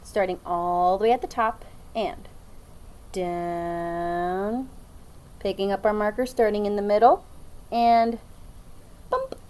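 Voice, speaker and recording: A young adult woman teaching a children's phonics lesson in an upbeat, encouraging, slow sing-song way. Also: mid-range voice, a little mellow.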